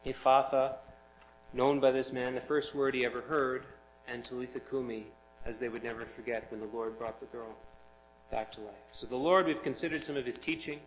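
A man's voice: mid-range voice, brisk, slight background noise, poor audio. A man preaching a sermon, reading scripture aloud and explaining it with rising emphasis. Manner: expressive, builds to emphatic peaks.

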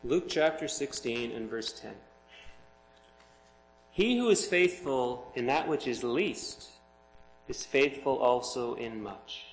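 A man's voice: mid-range voice, roomy sound, slight background noise, poor audio. A man preaching a sermon as pastor, earnest and emphatic, explaining scripture to his congregation.

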